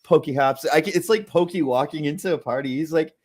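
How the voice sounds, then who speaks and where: A man hosting a casual livestream podcast, talking loudly and profanely, with bursts of laughter and shouting. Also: on the high side, fairly quick. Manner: profane, loud, laughing, prone to shouting outbursts. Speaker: podcast host.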